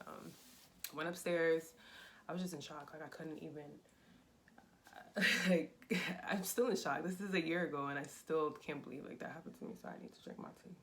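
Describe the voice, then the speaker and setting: A young adult woman, telling a personal story in a casual, animated vlog style with lots of fillers. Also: sits low, creaky, slight background noise. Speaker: vlogger.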